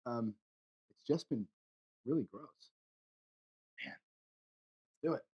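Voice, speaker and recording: A man's voice: medium pitch, expressive, slow pace, husky, dull audio. A man giving casual live commentary while rolling dice, frustrated and muttering to his viewers, swearing between rolls. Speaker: craps streamer.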